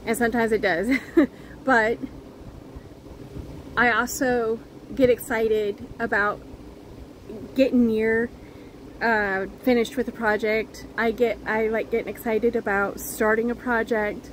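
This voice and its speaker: A woman chatting earnestly to her viewers as a crochet vlogger, halting and restarting as she goes. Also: a little high, fairly even intonation, slight background noise, low-quality recording. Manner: earnest, heartfelt. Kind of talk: casual chat to viewers.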